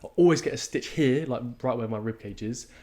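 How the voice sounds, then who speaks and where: A young man, telling a race story in casual podcast chat, swearing freely and acting out his own shouts. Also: mid-range voice, fast talker. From England. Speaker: podcast co-host. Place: podcast studio.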